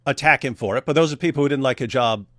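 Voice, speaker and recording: A man's voice: mid-range voice, quick pace, a bit bright, no echo, clean studio sound. A man hosting a casual live stream, reading viewer comments aloud, laughing often and restarting his sentences. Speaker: host.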